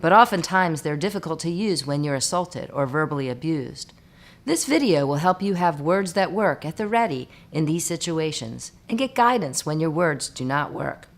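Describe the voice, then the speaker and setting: A woman reading scripted narration for a hospital staff training video, measured and instructive. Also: deep voice, lively intonation.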